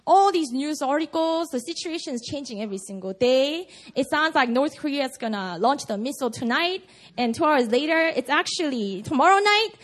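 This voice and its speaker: A woman's voice: sits high, animated, moderate pace. A woman preaching a casual, conversational sermon at a prayer meeting, full of "you know" and "like". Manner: chatty, many fillers like "you know" and "like".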